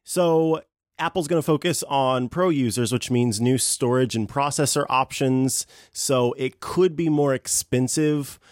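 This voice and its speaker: A man's voice: medium pitch, unhurried, a little mellow, no echo. Casting: man, podcast host, loose casual banter, laughs a lot, dry close mic. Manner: chatty, laughs often, hesitant fillers. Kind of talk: casual tech podcast chat.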